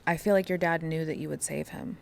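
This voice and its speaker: Lady podcast host, low gravelly voice, sympathetic, short replies. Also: steady tone, brisk. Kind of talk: casual chat.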